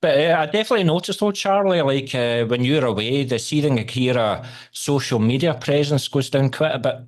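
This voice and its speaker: Teasing Scottish interviewer. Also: male voice, medium pitch, fairly quick. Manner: joking, teasing, swears casually. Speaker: interviewer and radio host. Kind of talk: casual video call interview.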